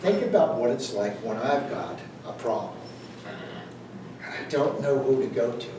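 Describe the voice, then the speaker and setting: A man's voice: medium pitch, expressive, a little slow, noisy background. A man giving a jokey, conversational motivational speech to a live audience, quizzing the crowd as he goes. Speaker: motivational speaker. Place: event hall with audience. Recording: echoey room, distant mic.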